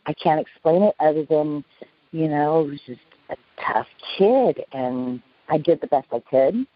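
A middle-aged woman recounting a past ordeal in an interview, halting, with many restarts and fillers. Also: deep voice, dry recording. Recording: dull, lo-fi sound.

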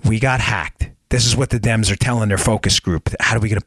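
A man's voice: lowish voice, fairly even intonation, quick pace, few pauses, fairly bright tone, no room sound. A man hosting a political podcast, talking emphatically and sarcastically, firing rhetorical questions at his listeners. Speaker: podcast host. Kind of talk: political commentary monologue.

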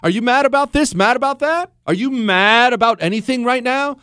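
A man's voice: very high voice, a little fast, hardly any pauses, pushed and bright, clean tone, dry recording, clean studio sound. A man hosting a political talk show, speaking emphatically in a sarcastic tone and firing off rhetorical questions.

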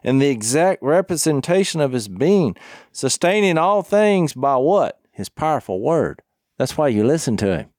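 A man's voice: fairly high pitch, big pitch swings, normal speed, darkish tone, no echo, studio quality. A man co-hosting a casual Bible study podcast, speaking earnestly and reading verses aloud between his remarks. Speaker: co-host of a Bible discussion podcast.

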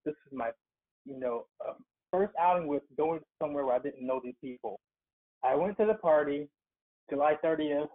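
Heard through a tinny phone connection, this male guest, an occupational therapist, speaks in an expressive, fairly high voice at moderate pace. He shares his story with earnest emphasis in a relaxed interview.

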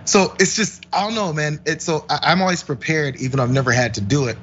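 A man with a fairly high voice co-hosts a podcast, spinning a casual story and acting out the other people's lines as he goes. The audio is a touch dull and lo-fi, with a faint hiss underneath. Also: fast talker. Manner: animated, acts out dialogue, laughs while telling stories. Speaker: podcast co-host.

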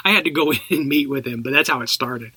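A man's voice: mid-range voice, fast talker, bright, forceful tone, breathy edge, no room sound. A middle-aged man from Texas, an actor guest telling anecdotes in a casual podcast chat, laughing as he talks.

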